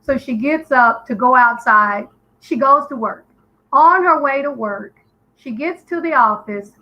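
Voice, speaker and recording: A woman with a high, unhurried voice calls in to a live stream for a casual chat, and the audio sounds dull. She tells a story earnestly and emphatically, restarting often.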